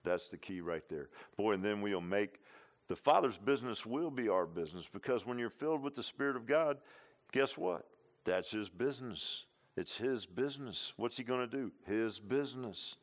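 A man's voice: on the low side, animated, normal speed. A man preaching a sermon, repeating lines for emphasis and tossing in "huh?" and "amen.". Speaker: pastor.

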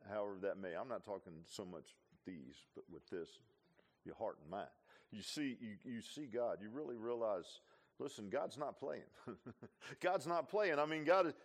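A man preaching a sermon in a folksy, conversational way, his voice climbing to shouts and then dropping to a hush. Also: mid-range voice. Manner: folksy, swings from hollering to hushed. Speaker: pastor. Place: church.

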